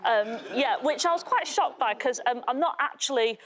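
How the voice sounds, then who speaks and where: A woman's voice: high voice, lively intonation, moderate pace. Yorkshire woman doing chatty stand-up. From Yorkshire, England. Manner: chatty, self-deprecating, with filler ums. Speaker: comedian. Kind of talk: stand-up routine on a TV panel show. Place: TV studio with live audience. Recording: loud studio audience laughter.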